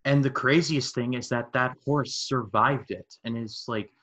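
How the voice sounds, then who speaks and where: A man's voice: mid-range voice, steady tone, measured pace, a bit bright. A man, a podcast host, chatting casually about a film and retelling scenes with little quoted voices. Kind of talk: casual movie discussion.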